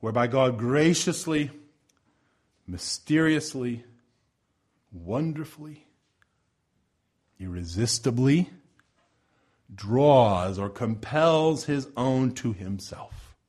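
A male pastor preaching a sermon in a church over the sound system, impassioned, swinging between loud pleading and soft low asides. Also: lively intonation, slow pace, long pauses. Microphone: church sound system microphone.

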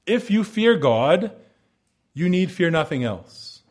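A man preaching a sermon, explaining scripture in an earnest, emphatic way that rises for stress and drops soft at the close of phrases. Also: high voice, big pitch swings, slow pace, slightly rough. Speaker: pastor.

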